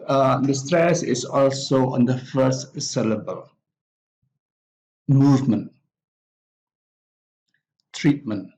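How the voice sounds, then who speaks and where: A man teaching an English pronunciation lesson, reading out example words one by one with pauses between them. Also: mid-range voice, darkish tone, low-quality recording. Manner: deliberate, pausing after each example word. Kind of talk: slow spoken lesson reading word lists.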